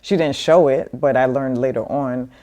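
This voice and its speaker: A woman's voice: very deep voice, steady tone, moderate pace, dark tone. A middle-aged woman as an interview guest, telling a personal story in a casual, rambling way, with many fillers and restarts. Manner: acts out quoted voices of family members.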